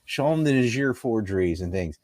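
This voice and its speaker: A man's voice: lowish voice, lively intonation, brisk, darkish tone, dry recording, clean studio sound. A man from North Carolina giving an interview, talking politics in an emphatic, argumentative, scoffing way. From North Carolina, USA. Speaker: interview guest. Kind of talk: casual political talk.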